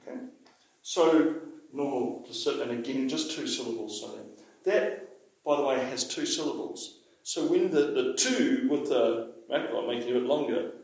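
A man teaching a Māori language lesson to a class, chatty, explaining with asides and checking that his listeners follow. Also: mid-range voice. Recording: very echoey room.

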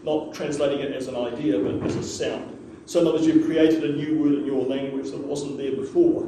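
A man's voice: on the high side, flat delivery, a little fast, background noise. A man teaching a language class, patiently repeating words for the students to echo. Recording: echoey room, mic far off.

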